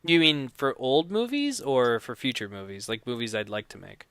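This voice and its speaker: This guest is a man who makes no-budget films and talks loosely about it on a podcast, with lots of false starts. His voice is mid-range, expressive and resonant, at a normal pace, captured clearly with no echo. Whenever he quotes someone, he acts the lines out loudly.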